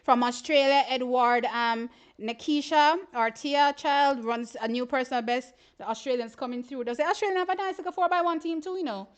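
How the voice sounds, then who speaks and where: A woman chats through a casual livestream, reacting to sprint races in an animated, exclamatory way. Her voice sits high. She keeps turning to her viewers as she talks. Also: brisk, hardly any pauses, smooth. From Jamaica. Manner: animated, exclamatory, often says "child". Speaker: livestream host. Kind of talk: casual live-stream sports commentary.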